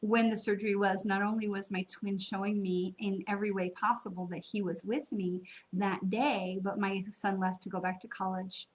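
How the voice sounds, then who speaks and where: A woman's voice: mid-range voice, level tone, normal speed, hardly any pauses. A middle-aged woman from the United States, a psychic medium chatting casually to viewers with many fillers and quoted asides. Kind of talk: casual spiritual talk to viewers.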